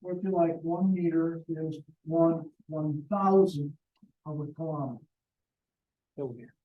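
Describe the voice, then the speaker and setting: A man's voice: a little high, measured pace, echoey room, recorded from a distance, highs cut off. A man teaching a math lesson to a class, joking and talking to the students directly. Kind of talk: classroom lecture.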